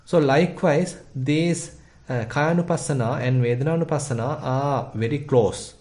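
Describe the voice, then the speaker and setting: A Buddhist monk from Sri Lanka with a Sri Lankan accent, giving meditation instruction in a measured, thoughtful way with frequent pauses and fillers. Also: male voice, medium pitch, darkish tone. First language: Sinhala.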